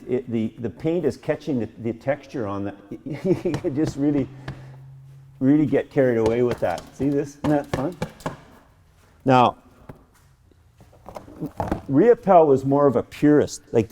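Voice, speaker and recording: A middle-aged man leads a painting lesson in his studio, talking eagerly as he works. He often restarts and repeats words mid-sentence. His voice sits at an ordinary pitch with a soft, mellow tone. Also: moderate pace, long pauses, slight background noise. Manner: enthusiastic, chatty, many restarts and repeated words. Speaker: painting instructor. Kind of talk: painting demonstration. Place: art studio.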